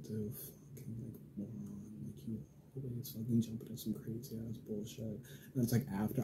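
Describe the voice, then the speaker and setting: Gravelly young man rambling through a story. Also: lowish voice, slight background noise, rough recording. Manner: rambling, heavy use of filler and swearing, animated quoted dialogue. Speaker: vlogger. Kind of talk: casual storytelling.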